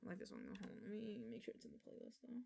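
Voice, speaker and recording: Woman streamer, casual live chat, rambling with restarts, relaxed swearing. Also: on the high side, rapid-fire, vocal fry, slightly rough.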